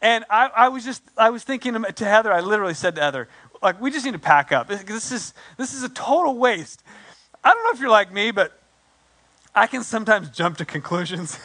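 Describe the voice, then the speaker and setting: Bright-voiced man telling a sermon story. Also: sits high. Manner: animated, self-deprecating storytelling with acted quotes. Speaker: pastor.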